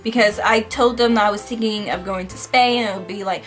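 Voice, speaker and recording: A young woman vlogger chatting casually with a friend, animated and full of fillers. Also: on the high side, a little fast, few pauses, faint music behind. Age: young adult. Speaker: vlogger, study abroad student. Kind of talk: casual chat.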